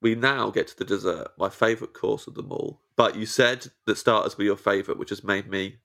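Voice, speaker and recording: A man hosting a podcast over a video call, gentle and self-deprecating. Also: fairly low pitch, steady tone, a little fast, creaky, noisy background. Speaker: podcast host. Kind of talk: casual chat.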